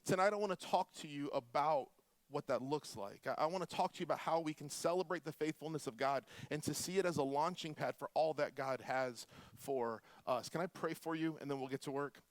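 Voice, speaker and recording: Pastor guy in his 40s from florida, a bit high voice, lively funny stories, dry close sound. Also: a little fast, no room sound. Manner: animated, humorous storytelling with quiet prayer. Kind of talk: sermon with storytelling.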